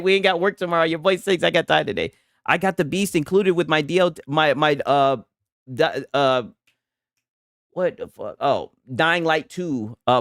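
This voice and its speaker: A man's voice: on the high side, fairly bright tone, dry recording, studio quality. Loose, laughing male gaming streamer. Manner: loose, profane, laughing often, many restarts. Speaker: livestream host reading chat. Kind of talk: casual gaming livestream chat.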